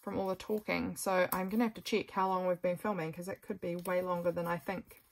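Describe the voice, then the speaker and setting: A woman's voice: fairly low pitch, steady tone, brisk. A woman chatting casually to her viewers while she crafts, talking through each step with self-mocking jokes, her voice a little sore from talking. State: voice getting sore. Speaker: craft vlogger. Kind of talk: casual journal-with-me narration.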